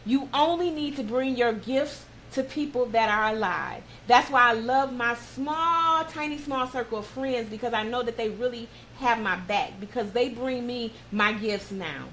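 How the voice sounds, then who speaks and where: A woman's voice: fairly high pitch, measured pace, hardly any pauses, a bit bright, slight background noise, poor audio. A woman hosting a talk show, telling a personal story in a heartfelt, encouraging way and motivating her listeners.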